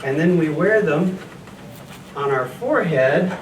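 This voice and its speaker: A little slow and animated, a slightly high male voice leads kids through call-and-response as a friendly scribe teacher and farmer in a church skit. The cheerful scene plays out in a noisy church hall, captured with echo by a distant mic.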